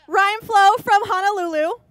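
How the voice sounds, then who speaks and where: A woman's voice: very high-pitched, fairly bright tone. A woman moderating a convention panel, introducing guests in a giggly, loose way. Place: large convention hall.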